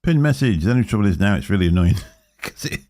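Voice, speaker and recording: A fast-talking, animated middle-aged man with a fairly low, mellow voice co-hosts a live vaping chat. His talk rambles, with self-corrections and chuckles. It's studio quality, with no echo.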